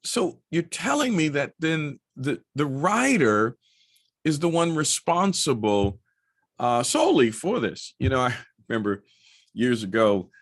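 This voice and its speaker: A man's voice: medium pitch, big pitch swings, unhurried. A middle-aged man talking casually to camera as a motorcycle vlogger, chatty and anecdotal with many asides.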